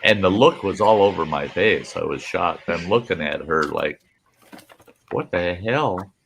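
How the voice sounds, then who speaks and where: A man's voice: low voice, normal speed, vocal fry, a bit bright. A man hosting a casual campfire chat, telling rambling anecdotes and acting out what people said, laughing along. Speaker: host.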